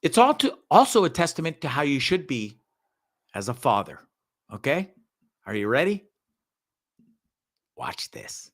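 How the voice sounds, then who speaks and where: A male show host rants over a video clip in a bright, sharp voice with wide pitch swings. He's profane, sarcastic and animated, speaking a little slowly with frequent pauses.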